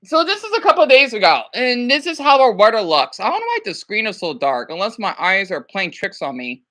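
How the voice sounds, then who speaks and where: Woman vlogging, chatty and exclaiming a lot, bright voice swinging all over in pitch. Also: big pitch swings, a little fast. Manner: chatty, talks to herself, frequent exclamations. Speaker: vlogger reacting to a news clip. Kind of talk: casual chat.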